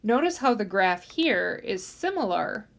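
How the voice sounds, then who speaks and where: A woman's voice: medium pitch, very animated, unhurried, gravelly. Woman lecturing with frequent ums. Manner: explanatory, many "um" fillers, stresses key words. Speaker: statistics instructor. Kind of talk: recorded lecture.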